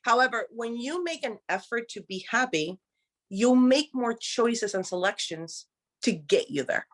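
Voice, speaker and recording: A woman's voice: fairly high pitch, lively intonation, measured pace. A woman talking as a guest coach on a live stream, direct and emphatic, swearing freely. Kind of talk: motivational live-stream talk.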